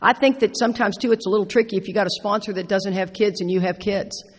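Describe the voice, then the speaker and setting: A middle-aged woman speaking at a recovery meeting, telling stories with playful, animated asides. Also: medium pitch, fast. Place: large meeting hall. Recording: echoey hall with long reverb.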